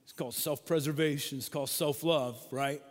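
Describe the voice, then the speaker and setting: A man preaches a sermon, telling stories with animated energy and acting out the people in them. His voice sits a little high for a man. Long reverb trails behind him, as in a large hall. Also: a little fast. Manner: animated storytelling, acts out quoted voices. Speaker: pastor.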